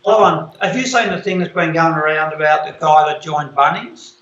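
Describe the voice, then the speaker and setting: A man's voice: a little high, a little fast, fairly bright tone. A man coaching in a casual call, encouraging and telling jokes and anecdotes. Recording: roomy, dull lo-fi call audio.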